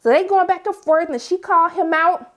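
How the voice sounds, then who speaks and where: A woman's voice: very high voice, brisk. A woman casually recapping a reality TV episode as host, acting out what people said in exaggerated voices. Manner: animated, acts out quotes in exaggerated voices.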